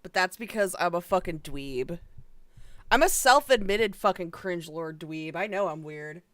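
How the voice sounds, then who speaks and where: A woman's voice: on the low side, animated, measured pace, fairly bright tone. Woman streamer, casual live chat; rambly, filler-laden, swears freely, trips over her own restarts.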